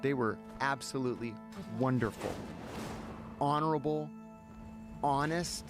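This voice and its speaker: A man's voice: medium pitch, measured pace. A man, a podcast guest, telling a story in casual talk and acting out the dialogue. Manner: animated, acts out dialogue. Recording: music playing behind.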